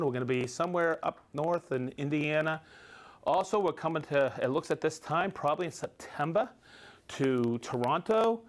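A middle-aged man with a fairly high voice runs a live stream. He reads viewers' names and hometowns in an upbeat way and trips over the tricky ones. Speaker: livestream host.

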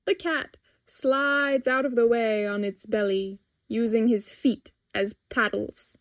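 Slow-reading woman storyteller. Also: fairly high pitch, fairly even intonation, no echo, clean studio sound. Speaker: story reader. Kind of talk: scripted narration.

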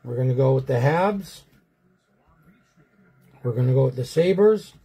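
A man's voice: medium pitch, lively intonation, a little slow, mellow, breathy edge. A man hosting a sports card break, chatting folksily to viewers as he rolls dice and calls out teams. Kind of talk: casual live card break commentary.

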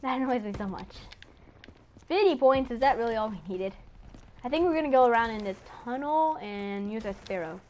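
Commenting live over a match, this excitable, chatty gaming YouTuber speaks fairly quickly at medium pitch, talking to enemies on screen and shrieking when caught off guard, with slight background noise.

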